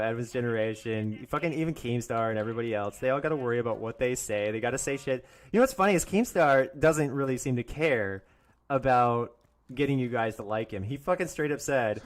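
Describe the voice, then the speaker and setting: Angry, profane young man ranting on stream. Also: mid-range voice. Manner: angry, profane, mocking, laughs often; mimics others in mocking voices. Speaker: YouTuber live streamer. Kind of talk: profane live-stream rant.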